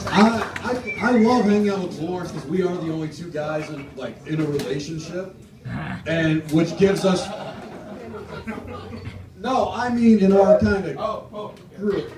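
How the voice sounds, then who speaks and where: Young guy with a high voice doing wry standup, echoey far-off mic. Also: normal speed, long pauses, music in the background. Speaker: stand-up comic. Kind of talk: open-mic stand-up set. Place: small comedy club stage. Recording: roomy, distant mic with noise.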